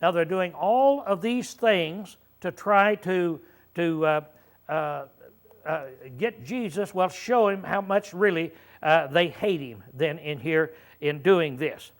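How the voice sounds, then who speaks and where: A male preacher teaching through a Bible passage, putting questions to his listeners and often clearing his throat. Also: on the high side. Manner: frequent throat-clearing and halting fillers. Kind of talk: sermon.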